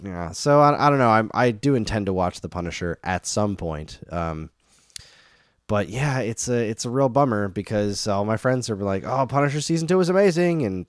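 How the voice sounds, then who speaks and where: A man's voice: fairly low pitch, no room sound, studio quality. A man in his thirties co-hosting a casual chat show, rambling off on tangents. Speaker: podcast co-host.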